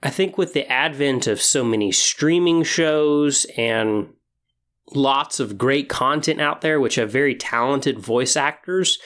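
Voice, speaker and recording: A podcast host lays out opinions in a measured, explanatory monologue. The pitch sits in a middling range, and the delivery reasons things out step by step. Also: a bit bright.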